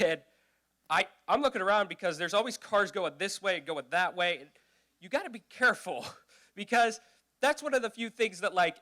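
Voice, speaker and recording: A young man performing a stand-up comedy routine, telling a story with lively shifts and squeaky put-on voices for the people he quotes. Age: young adult. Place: youth event stage.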